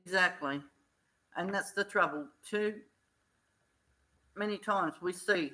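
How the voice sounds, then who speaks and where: A woman's voice: fairly low pitch, slow pace, pauses often, sharp tone, faint music behind, poor audio. A middle-aged woman vlogging, earnestly retelling events in blunt, casual talk. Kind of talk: casual storytelling vlog.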